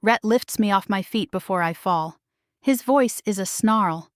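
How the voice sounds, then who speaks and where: A woman narrating a first-person paranormal romance story in a slow, dramatic delivery. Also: medium pitch, no room sound, studio quality.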